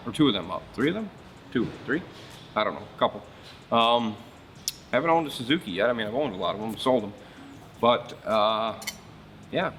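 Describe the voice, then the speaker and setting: A man's voice: mid-range voice, fairly bright tone. Blunt, rambling man telling shop stories. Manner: blunt, rambling storyteller who swears freely. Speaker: marine service shop host. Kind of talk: casual shop talk.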